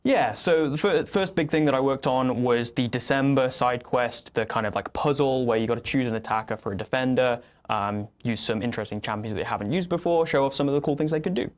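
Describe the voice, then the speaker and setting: A man's voice: medium pitch, a little fast, hardly any pauses. A man in his twenties, a game designer guest, answering casually with lots of fillers and a modest tone. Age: 20s. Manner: relaxed, filler-heavy, modest.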